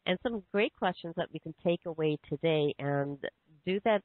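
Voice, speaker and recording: A woman podcast host asking questions in a phone interview, halting with fillers and restarts. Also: sits low, no room sound. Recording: tinny phone line, dry.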